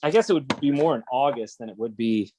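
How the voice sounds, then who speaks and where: A man hosting a relaxed chat, telling stories in an animated, rambling way and swearing casually. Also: mid-range voice, brisk, background noise. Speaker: host.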